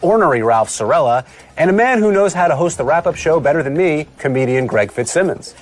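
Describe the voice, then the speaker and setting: Male radio host, wry joking recap delivery, animated pitch. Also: brisk. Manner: wry, joking lines delivered between clips. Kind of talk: scripted recap narration with banter.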